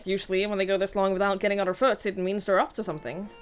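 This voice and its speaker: A woman's voice: medium pitch, little pitch movement, very fast, faint music behind, natural voice. A woman reading aloud the lines of an adult game character giving a task during a livestream. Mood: brisk.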